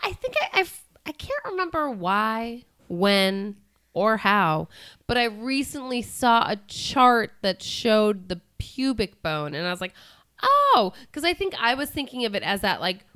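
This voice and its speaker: Lively, bright woman swearing bluntly. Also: on the high side, a little slow. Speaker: podcast co-host. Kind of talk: casual chat.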